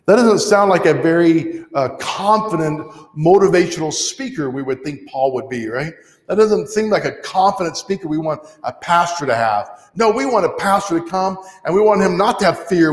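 A man's voice: high voice, animated, moderate pace. A man preaching a sermon in a church, teaching in a plain, conversational way with wry asides. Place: church sanctuary. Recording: echoey church hall.

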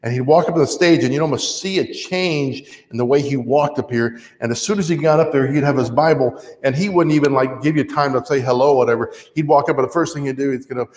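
A man's voice: mid-range voice, fairly quick, darkish tone. A man preaching a sermon in a church, teaching in a plain, conversational way with wry asides. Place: church sanctuary. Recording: echoey church hall.

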